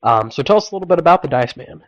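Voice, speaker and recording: A man's voice: fairly high pitch, lively intonation, very fast, no echo, highs cut off. A man hosting a podcast interview, asking hesitant questions full of fillers. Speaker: podcast host. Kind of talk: casual interview.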